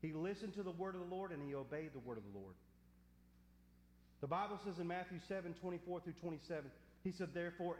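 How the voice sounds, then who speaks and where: A man, a pastor, preaching a sermon and leading a closing prayer, earnest and slowing down to stress key words. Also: high voice. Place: church sanctuary. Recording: echoey hall with faint hum.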